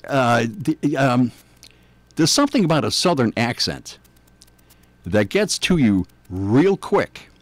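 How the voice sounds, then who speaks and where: An older man with a New York accent hosts morning radio, chatting at length and poking fun at himself. His pitch swings widely as he talks. The sound is close and dry, with no room around it. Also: big pitch swings, slow pace, no echo. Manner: rambling, chatty, self-deprecating. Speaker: radio host. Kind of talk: casual morning radio chat.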